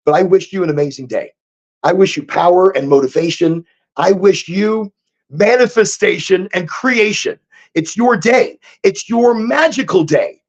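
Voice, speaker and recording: A man hosting a casual livestream chat, high and rambling, repeating himself and chuckling at his own jokes. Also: muffled recording. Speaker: podcast host.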